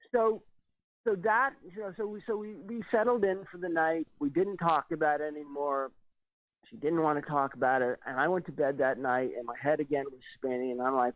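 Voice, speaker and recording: On a tinny, dry phone line with no echo, a Californian man calls in to a radio show to tell a personal story. His voice sits a bit high for a man, and he speaks animatedly, a little nervous, acting out the voices of the people involved.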